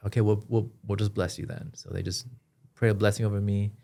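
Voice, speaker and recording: A man as a podcast guest, telling his personal story in an earnest, halting way with frequent restarts. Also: lowish voice, little pitch movement, vocal fry, dark tone. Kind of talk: personal testimony in an interview.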